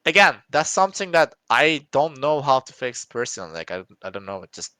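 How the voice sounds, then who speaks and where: Bright, clear-voiced man thinking aloud. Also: medium pitch, big pitch swings, no echo. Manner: halting, restarts often, thinks aloud. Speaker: game developer. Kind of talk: casual podcast chat.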